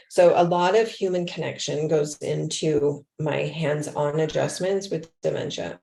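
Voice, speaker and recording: Speaking in a deep, creaky voice with hardly any pauses, a woman who teaches adaptive yoga talks warmly and informally to other teachers. She reenacts her conversations with students, at times sinking to a whisper. Her delivery is unhurried and fairly even, and the recording has a roomy sound.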